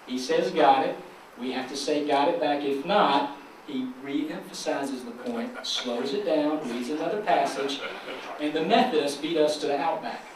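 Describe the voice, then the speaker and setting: A man's voice: fairly high pitch, moderate pace, a little hiss or hum. A man with a Southern US accent giving a folksy, joking conference speech to local officials, drawing the audience into call and response. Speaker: chamber of commerce president, keynote speaker. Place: large conference hall. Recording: echoey hall, from far off.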